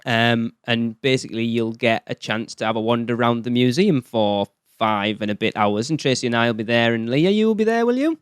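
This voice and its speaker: A man's voice: medium pitch, a little fast, few pauses, clean tone, dry recording, studio quality. A man from northern England co-hosting a podcast, joking and chatting casually. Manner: chatty, jokey, self-deprecating. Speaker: podcast co-host. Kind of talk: casual chat.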